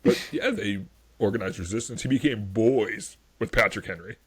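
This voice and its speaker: A man's voice: fairly low pitch, moderate pace, breathy edge. A man hosting a history podcast, chatting casually and enthusiastically, rambling with many fillers. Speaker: podcast host.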